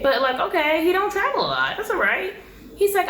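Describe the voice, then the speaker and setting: Woman, casual recap vlogger, gossipy, does quick impressions of people, echoey room. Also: sits high, big pitch swings, fairly bright tone, a little hiss or hum. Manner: chatty, gossipy, acts out quotes.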